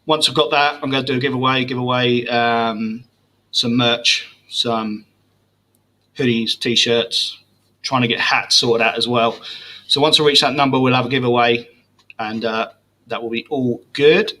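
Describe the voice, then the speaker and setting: A male host chats easily on a livestream. His voice is bright and forward, and his talk is friendly and relaxed. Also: mid-range voice, unhurried. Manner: easygoing, friendly, says "mate". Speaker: podcast host. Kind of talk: casual livestream chat.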